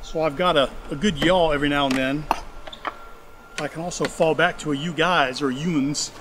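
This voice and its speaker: A man's voice: fairly high pitch, steady tone, moderate pace. A man with a mixed Georgia and Ohio accent, chatting casually and thinking aloud as he works through his beehives outdoors. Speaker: beekeeper. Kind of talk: casual narration while working hives. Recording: noisy outdoor recording with bee buzz. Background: buzzing bees and outdoor ambience.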